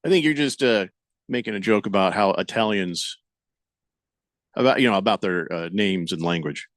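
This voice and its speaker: A man's voice: on the low side, normal speed, a bit bright, dry recording, clean studio sound. A man hosting a casual sports radio show, reading listener comments aloud and musing on them in a wry, rambling way.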